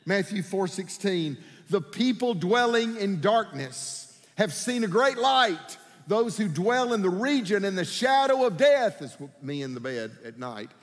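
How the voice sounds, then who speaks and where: Male preacher, animated storyteller who acts out voices, slightly high pitch, recorded in a big echoing sanctuary. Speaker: pastor. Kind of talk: sermon with personal storytelling. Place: church sanctuary.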